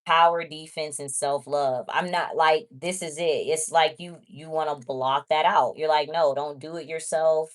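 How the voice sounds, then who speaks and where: Low-voiced woman doing a casual tarot reading. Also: fairly even intonation, a little slow, few pauses. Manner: chatty, blunt, talks straight to viewers. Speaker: tarot reader.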